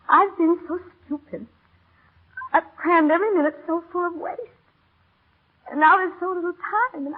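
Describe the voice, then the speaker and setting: An actress playing a doomed young heiress in a 1930s radio drama, swinging from teasing to tearful. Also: female voice, high-pitched. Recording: thin, phone-like old radio broadcast.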